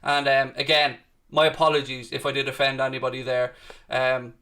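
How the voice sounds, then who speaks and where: A man's voice: mid-range voice, level tone, moderate pace, pushed and bright. A man hosting a live football watchalong, ranting passionately and answering the chat. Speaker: watchalong host. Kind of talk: heated live football rant.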